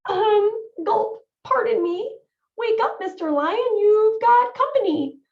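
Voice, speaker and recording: A nervous little male mouse from a picture book stammers and squeaks his polite words, as a woman reads him aloud. The voice sits very high and jumps around a lot. The recording sounds dull and lo-fi. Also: lively intonation, slow pace, recorded from a distance, heavily acted. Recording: dull lo-fi audio.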